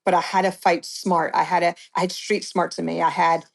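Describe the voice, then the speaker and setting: Middle-aged woman guest, slightly low voice, blunt storyteller who restarts often. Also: level tone, a little fast, gravelly. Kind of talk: personal account in an interview.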